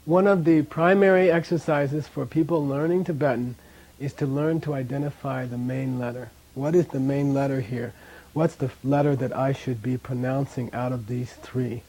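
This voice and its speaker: A man's voice: mid-range voice, fairly even intonation, moderate pace, mellow. A man teaching a language class in a classroom, chatty, often checking in with "okay?" and drilling pronunciation.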